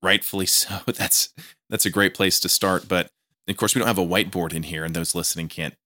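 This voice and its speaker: A low-voiced man with a bright, forceful tone hosts a casual podcast interview. He is eager and repeats himself as he restarts his phrases. The sound is dry and close, from a small studio. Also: steady tone, a little fast, dry recording. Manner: enthusiastic, repetitive restarts, stammering on words. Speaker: podcast host. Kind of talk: interviewing guest in casual chat.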